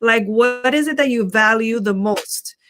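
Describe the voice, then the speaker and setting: A middle-aged woman co-hosting a motivational talk, her voice sitting a little high. She speaks with energy and often repeats phrases for emphasis. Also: measured pace, fairly bright tone. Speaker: co-host.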